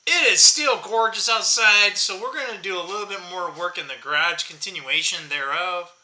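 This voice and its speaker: A man's voice: high-pitched, moderate pace, sharp tone, echoey room. A man in his early fifties talking casually to his viewers, rambling and joking at himself. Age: 50s. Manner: rambling, jokey, self-mocking, laughs often. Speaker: channel host. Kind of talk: casual vlog chat.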